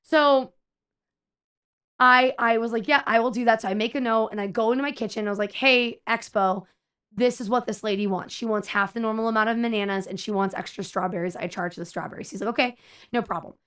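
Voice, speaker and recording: A young adult woman chats casually with her viewers as a streamer. She tells an exasperated, animated story and acts out the people in it. Her voice sits a little high and sounds smooth and clear. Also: a little fast.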